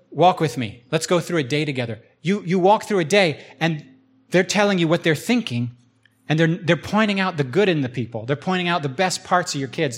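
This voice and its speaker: Pastor, male, a little high-pitched, a chatty sermon delivery that acts out scenes. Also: a bit bright. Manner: conversational, acts out imagined voices.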